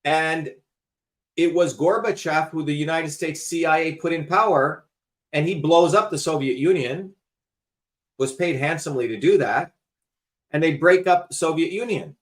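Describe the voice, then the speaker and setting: A man with a slightly high-pitched voice lectures his guest with insistent emphasis. He explains at length in loose, conversational talk and swears casually along the way. He is the host of the show. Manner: emphatic, lecturing, curses freely.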